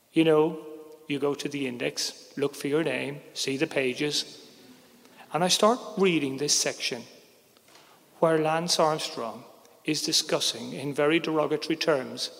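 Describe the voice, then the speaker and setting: A middle-aged man, a sports journalist, tells his own story with wry, measured delivery, his voice a touch high and full of gravelly fry. He sinks quietly into the heavy moments. The sound trails off in a long, hall-like reverb. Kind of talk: first-person storytelling.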